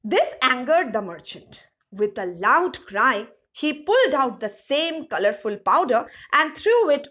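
A woman's voice: on the high side, a bit bright. A woman teacher reading a children's story aloud and then retelling each sentence in simpler words, with questions to the class. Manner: asks rhetorical questions to the class. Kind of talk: storybook lesson explanation.

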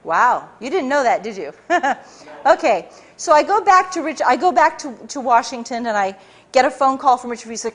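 A woman author giving a talk to a live audience, telling her story in an animated way with many restarts. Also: high-pitched, moderate pace.

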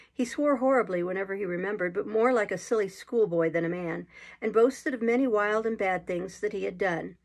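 A woman reading a classic adventure novel aloud in a steady, measured storytelling manner. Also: mid-range voice, vocal fry. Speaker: reader.

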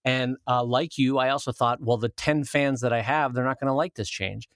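Bright-voiced joking man. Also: medium pitch, fairly even intonation, normal speed, no room sound, clean studio sound. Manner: storytelling, jokey, acts out quotes. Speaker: podcast co-host, cartoonist. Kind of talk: casual podcast chat.

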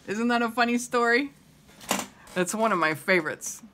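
A woman reading a picture book aloud to children, pausing to comment and ask them questions. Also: a little high, a bit bright, a little hiss or hum. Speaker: reader.

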